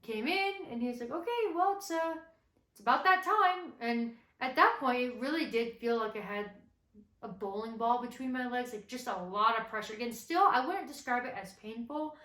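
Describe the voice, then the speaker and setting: A young woman telling a personal story to the camera in a relaxed, chatty way, with plenty of fillers. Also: on the high side, normal speed. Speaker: vlogger co-host. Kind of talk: casual storytelling chat. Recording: roomy echo.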